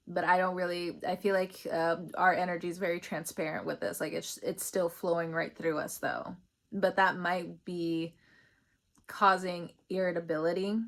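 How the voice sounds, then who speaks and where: A woman's voice: on the low side, little pitch movement, moderate pace. A young woman giving a casual, rambling spiritual reading, chatty and laughing often. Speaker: tarot reader.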